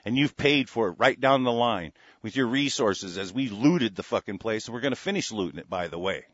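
A man's voice: lowish voice, expressive, a little fast, fairly bright tone, no room sound, dull audio. Sarcastic, swearing man ranting over news. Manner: angry, sarcastic, swears a lot, reads then rants. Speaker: political commentator reading news aloud. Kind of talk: profane ranting commentary on news.

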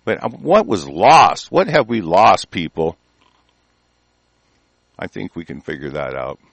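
An older man hosting his own broadcast, delivering an angry, profane tirade that swings between loud outbursts and low muttering. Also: big pitch swings, measured pace, vocal fry, slightly rough, no echo. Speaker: host of an online broadcast. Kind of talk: ranting monologue broadcast.

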